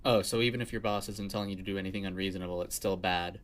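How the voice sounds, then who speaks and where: A man's voice: deep voice, fairly even intonation, racing. A man giving sarcastic commentary, rambling into dry asides and mock-casual answers. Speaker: video essay critic.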